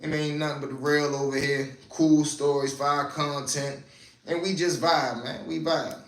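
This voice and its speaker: A man's voice: on the high side, steady tone, unhurried, fairly bright tone. A man with a Baltimore accent hosting a casual, profane commentary stream in laid-back slang. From West Baltimore. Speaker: channel host. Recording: roomy echo, distant mic.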